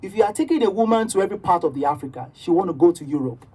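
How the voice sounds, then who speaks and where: A woman's voice: on the low side, expressive, racing, mellow, breathy edge, distant mic. A woman with a Nigerian accent talking on a radio show, rambling and often checking "do you understand?". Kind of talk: casual radio chat.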